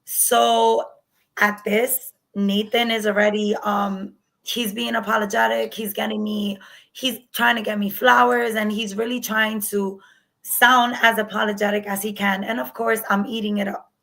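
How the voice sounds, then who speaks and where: Her mid-range voice barely shifts in pitch, unhurried, creaky and a bit bright, on a rough recording. She is a guest telling her own story frankly, performing the lines of past dialogues.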